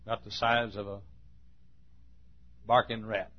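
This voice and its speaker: A man preaching a sermon, telling a folksy story and building to emphatic, forceful points. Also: lowish voice, little pitch movement, a little slow, dull audio.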